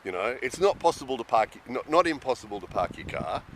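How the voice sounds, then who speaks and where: A man's voice: mid-range voice, sing-song, fast, fairly bright tone. Guy venting in a vlog, fed up, outside w wind noise on the mic. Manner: exasperated ranting, mimics people. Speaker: vlogger living abroad. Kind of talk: casual vlog monologue.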